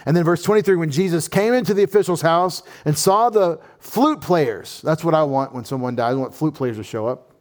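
A fairly high-voiced man preaches through a scripture passage with animated energy. He slips into playful asides and quick acted-out voices for the people in the story. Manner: animated, humorous asides and lively quoted voices. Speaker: pastor. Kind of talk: sermon.

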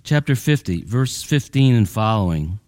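A male pastor preaching a conversational sermon in a folksy way, full of "you know" and repeated words, his voice climbing higher when he presses a point. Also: expressive, normal speed, darkish tone, no room sound, studio quality.

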